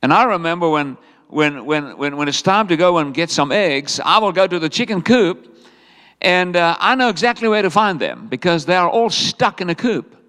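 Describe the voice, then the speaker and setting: A man preaching a sermon in a church in an animated, humorous way, often asking the congregation questions. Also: fairly high pitch, moderate pace, smooth, long reverb tail. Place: church hall.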